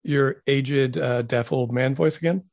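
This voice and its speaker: A man's voice: mid-range voice, a little slow, creaky, a little mellow, no room sound, clean studio sound. A man from Saskatchewan co-hosting a comedy podcast, playing the wry straight man. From Saskatchewan, Canada. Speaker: podcast co-host. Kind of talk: comedic banter.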